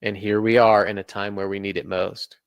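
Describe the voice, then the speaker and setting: Earnest low-voiced man explaining. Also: level tone, normal speed, creaky, dry recording. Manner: earnest, explanatory, lists points. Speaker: guest. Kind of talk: podcast interview.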